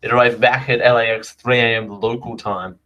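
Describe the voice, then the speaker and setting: A man's voice: medium pitch, steady tone, normal speed, dull audio. A man hosting a live show, reading items out and drifting into chatty, rambling asides. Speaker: host. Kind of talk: live show casual chat.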